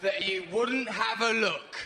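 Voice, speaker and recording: On a large theatre stage, a man with a high voice tells a rambling, animated stand-up story at a measured pace, constantly throwing in "right?". The echoey live hall carries heavy background noise and audience laughter.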